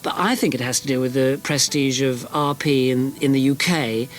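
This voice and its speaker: A man's voice: mid-range voice, soft background music. A British man with a received pronunciation accent, speaking thoughtfully in a casual discussion. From United Kingdom. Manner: measured, thoughtful, hedging. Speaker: discussion participant.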